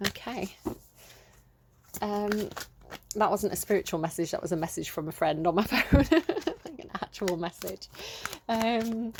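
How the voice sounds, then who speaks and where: A woman's voice: mid-range voice, animated, a little slow, pauses often, background noise. A woman giving a casual tarot reading into her phone, talking in a chatty, rambling way with plenty of fillers. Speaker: tarot reader.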